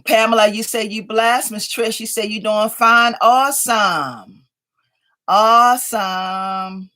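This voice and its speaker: A woman's voice: fairly high pitch, monotone, normal speed, pushed and bright. A woman hosting a casual craft livestream from home, greeting viewers by name as they join and chatting along, a little sleepy. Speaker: craft channel host.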